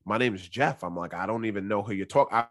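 Animated man telling a story, dry close mic. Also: lowish voice, quick pace, no room sound. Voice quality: animated storyteller with many fillers. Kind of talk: casual storytelling.

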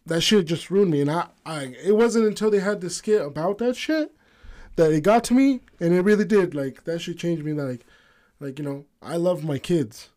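Halting man with a slightly high voice. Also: a little mellow. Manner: halting, filler-heavy, confessional. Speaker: podcast co-host. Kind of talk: casual chat.

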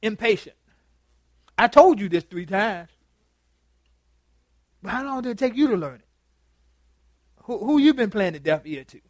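A pastor with a notably high-pitched man's voice talks to his congregation as much as he preaches at them. He jokes, repeats himself and trips over words. The sound is close and dry. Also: animated, moderate pace, long pauses, no echo. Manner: chatty and joking, stammers and repeats words, quizzes the congregation. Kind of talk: conversational sermon with open dialogue. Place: church meeting room.

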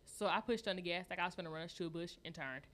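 Brief: woman co-host, bright edgy tone, loud profane storyteller, casual podcast chat. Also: fairly low pitch, very fast.

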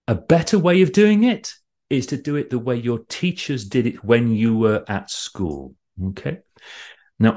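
A man coaching an online audience on presentation skills. His voice sits fairly low, but his delivery is animated and loose, with sudden jumps up in pitch for emphasis. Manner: lively, animated, loose and conversational. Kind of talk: conference talk.

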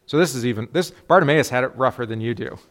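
A middle-aged man, a pastor, teaching a relaxed Bible class in a conversational way and often checking in with the group with quick tag questions. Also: medium pitch.

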